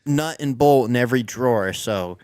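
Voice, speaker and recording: A man's voice: mid-range voice, moderate pace, darkish tone. A man co-hosting a podcast in casual chat, rambling and joking, often restarting his sentences. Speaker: podcast co-host.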